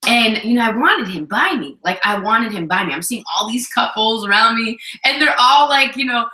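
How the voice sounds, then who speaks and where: Woman co-host, lively storyteller, bright tone, echoey room sound. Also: fairly high pitch, normal speed. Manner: animated storytelling, acts out quotes. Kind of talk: casual couple chat.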